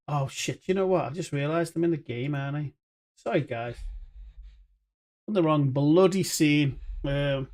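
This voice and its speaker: A man's voice: a little high, moderate pace, a little mellow. A man with a voice sitting a touch above the usual male range talks through a game live. His commentary is chatty and meandering, full of jokey asides. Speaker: streamer.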